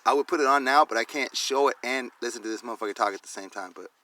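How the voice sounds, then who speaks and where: A man ranting casually on a livestream, swearing constantly, then slowly reading legal text aloud. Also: mid-range voice, sharp tone, a little hiss or hum, poor audio. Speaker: video maker showing his documents. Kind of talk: casual profane livestream rant.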